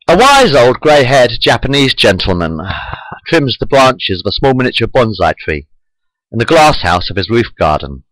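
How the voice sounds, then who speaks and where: A man's voice: mid-range voice, no room sound, low-quality recording. A man reading his own fan fiction aloud into a webcam at home, repeating lines as he goes. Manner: animated storytelling, repeats lines.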